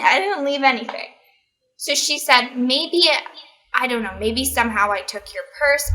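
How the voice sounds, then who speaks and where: A young woman with a bright, slightly high voice tells a story in easy casual chat. She acts out every exchange with animated energy and quick shifts into the voices of the people she quotes. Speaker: guest.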